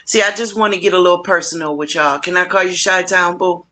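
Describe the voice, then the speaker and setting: A middle-aged woman hosting a casual livestream, warmly encouraging her viewers and talking to them directly. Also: quick pace. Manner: warm, encouraging, animated with big pitch swings; playful, addresses viewers directly. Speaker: livestream host.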